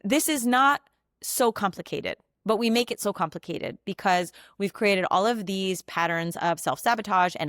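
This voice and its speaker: A woman's voice: mid-range voice, a bit bright, no room sound, clean studio sound. A woman in her thirties hosting a podcast from home, talking in a chatty, heartfelt way with lots of "like". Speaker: podcast host and coach. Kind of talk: casual personal monologue. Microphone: desk mic.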